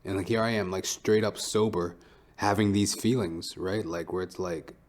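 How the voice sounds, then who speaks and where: A man's voice: low voice, fairly even intonation, moderate pace. A man hosting a solo podcast who talks in a rambling, profane and reflective way. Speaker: podcast host. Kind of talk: casual solo podcast monologue.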